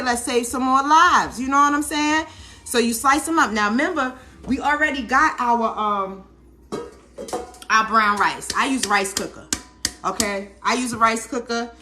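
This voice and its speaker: Cooking in her kitchen at home, this woman vlogger talks at normal speed in a fairly high, sharp voice. A busy mom, she casually guides viewers through the dish and keeps asking "okay?" along the way.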